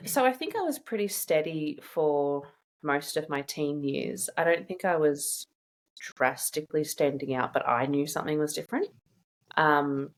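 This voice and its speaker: A woman in a casual interview, telling personal stories in a chatty, animated way and laughing often. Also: deep voice. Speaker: guest sharing her own experience.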